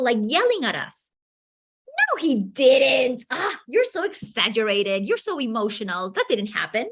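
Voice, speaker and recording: A woman from Chile leads a teacher training session. Her voice sits fairly high and swoops widely as she tells stories and acts out bits of dialogue. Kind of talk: teacher training talk with acted anecdotes.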